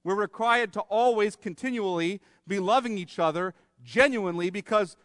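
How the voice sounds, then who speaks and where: A man's voice: high voice, moderate pace, fairly bright tone, dry recording, studio quality, in a large hall. A man preaching a sermon as pastor, emphatic, asking rhetorical questions and acting out little scenes. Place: church sanctuary.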